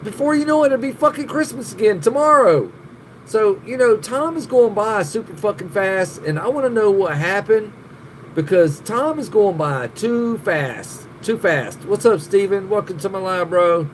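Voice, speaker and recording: A man's voice: high voice, expressive, moderate pace, slight background noise. A man hosting a live stream, chatting casually with viewers, swearing a lot, laughing often and rambling.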